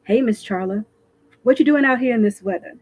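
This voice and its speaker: A woman's voice: fairly high pitch, expressive, moderate pace, darkish tone. A woman reading aloud, voicing a friendly, protective Southern man with an easygoing drawl.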